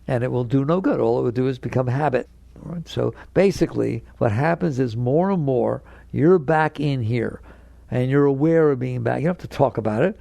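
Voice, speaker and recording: His voice is medium-pitched, creaky, and dark in tone, and he lectures briskly to an audience on spiritual matters. Emphatic and repetitive with key words, the teacher acts out inner voices in quotes with a chuckle, captured in a dry recording.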